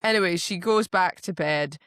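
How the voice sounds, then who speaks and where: Lower-voiced woman with sarcastic asides. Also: normal speed, a bit bright, clean tone, no room sound. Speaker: podcast co-host. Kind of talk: casual book discussion.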